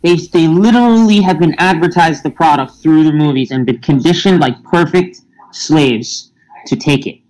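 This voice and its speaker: A man's voice: on the high side, moderate pace, a little mellow, rough recording. Emphatic man in podcast chat. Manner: emphatic, insistent. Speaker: podcast guest.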